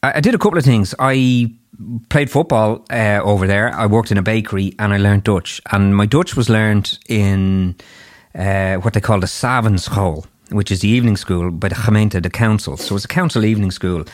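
A man's voice: lowish voice, moderate pace. A man in his fifties with an Irish accent, hosting a podcast interview in a chatty, rambling way with many restarts and asides. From Ireland. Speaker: podcast host. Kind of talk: casual interview chat.

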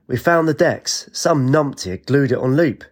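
A man voicing a bold, cheeky male brawler with a gruff, boisterous manner in an audiobook. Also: fairly low pitch, slow, heavily acted. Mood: proud. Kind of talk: audiobook character voice.

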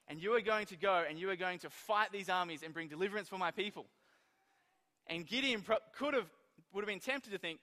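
A man preaching a sermon, telling stories in an animated way and acting out the quoted lines. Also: high voice, a little fast, in a large hall.

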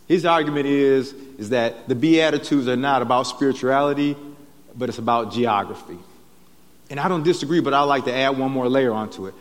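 A man's voice: medium pitch, fairly quick. Preacher man in a reverberant church hall. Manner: conversational preaching with frequent "right?" tags. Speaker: pastor. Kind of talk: sermon. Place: church sanctuary.

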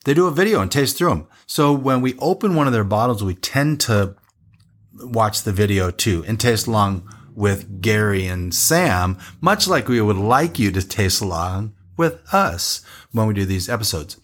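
A man's voice: lowish voice, lively intonation, normal speed, a bit bright. A man co-hosting a wine podcast, chatting casually and rambling with frequent restarts. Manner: rambling, self-interrupting. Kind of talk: casual chat.

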